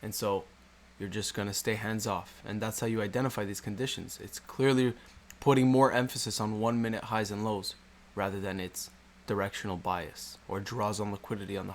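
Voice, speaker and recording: A man teaching trading over a chart walkthrough, asking rhetorical questions and repeating key points. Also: lowish voice. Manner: rhetorical questions, repetitive explaining. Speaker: trading educator. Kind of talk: screen-recorded chart walkthrough.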